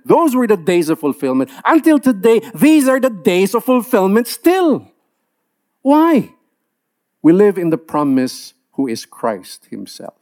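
Earnest preacher, high voice. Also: male voice, a little mellow. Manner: earnest, switches into Tagalog, acts out believers' complaints. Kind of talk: sermon.

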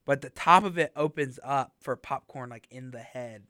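A man's voice: medium pitch, moderate pace, sharp tone, dry recording, clean studio sound. Chatty young man hosting college radio. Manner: rambling, filler-heavy, laughs often. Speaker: college radio podcast host. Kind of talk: casual chat. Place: small radio studio.

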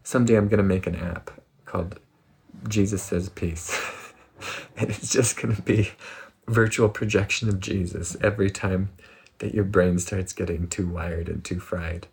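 A man giving a casual spiritual talk in an animated, playful way, often laughing. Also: low voice, normal speed, creaky, slightly rough. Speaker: spiritual speaker.

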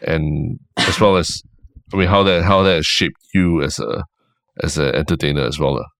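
Male podcast host, Singaporean English, low pitch, attentive and easygoing. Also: normal speed, a bit bright, no room sound. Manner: attentive, frequent murmured agreement. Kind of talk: casual podcast chat.

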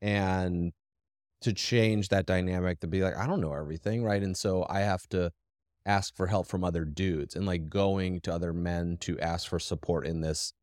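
A podcast co-host with a low, darkish voice chats casually and directly at normal speed, his intonation fairly even. He rambles and keeps restarting his sentences. The sound is clean studio quality with no room sound.

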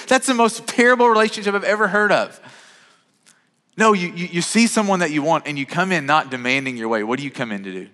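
A pastor in his thirties preaches with a lively, conversational flow, stumbling over and repeating his words as he goes. His voice is slightly high and sharply bright. The sound carries a long reverberation from a church sanctuary. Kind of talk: sermon. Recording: reverberant hall.

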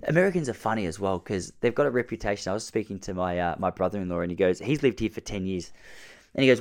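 A man's voice: on the low side, lively intonation, fast. Aussie guy vlogging, chatty wry stories, lots of quoting people. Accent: Australian. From Australia. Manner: chatty, wry, many restarts and quoted voices. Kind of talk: casual comic storytelling.

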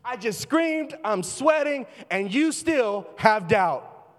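A man preaching a sermon as pastor, fervent and shifting between loud bursts and quiet, low asides. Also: animated, takes it slowly. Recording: long reverb of a large hall.

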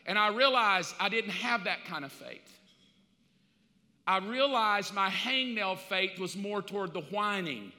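A middle-aged male pastor preaching a sermon in a casual, animated storytelling way. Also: high voice, a little slow. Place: church sanctuary. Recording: reverberant church hall.

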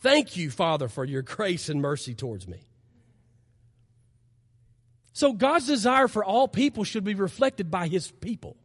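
A man's voice: high-pitched, sing-song, a little slow, pauses often, slightly rough, long reverb tail. A man preaching a sermon as pastor, earnest and emphatic, his voice rising in impassioned stretches, recorded in a church sanctuary.

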